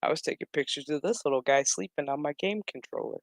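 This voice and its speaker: Quick and on the high side, a man's voice comes through with no room sound. He hosts a show recap, casually summarizing a TV episode in an exasperated, animated rant full of swearing, voicing the characters' lines himself.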